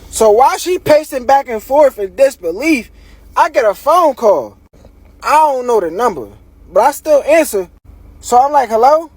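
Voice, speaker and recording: A man tells his story in slangy, profane everyday talk. His voice sits high, and the recording is close and dry with no room sound. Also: lively intonation, normal speed, slightly rough, no echo. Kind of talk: casual storytime narration.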